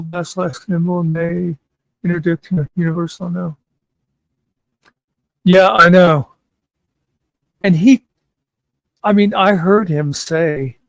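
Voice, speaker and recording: A man's voice: a little high, no echo, rough recording. A man hosting a casual chat show, rambling and meandering with many fillers. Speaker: podcast host.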